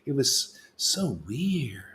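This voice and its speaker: A man giving an informal, animated spiritual talk to a group, streetwise in tone and swinging between loud bursts and hushed asides. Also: medium pitch, extremely slow, a little hiss or hum. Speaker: spiritual teacher leading a devotee meetup. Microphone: livestream mic.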